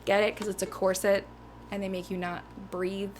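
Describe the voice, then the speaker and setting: A woman's voice: mid-range voice, flat delivery, normal speed, slight background noise. A woman in her thirties hosting a live music stream, chatting casually between songs in a rambling, self-mocking way. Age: 30s. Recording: loud ukulele music behind the voice.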